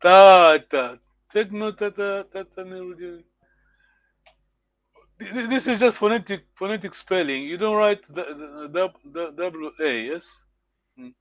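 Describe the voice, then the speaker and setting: A man's voice: high-pitched, no echo, muffled recording. Patient man teaching over a call. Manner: patient, repeats words slowly for pronunciation, chuckles often. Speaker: language teacher. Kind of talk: live online language lesson.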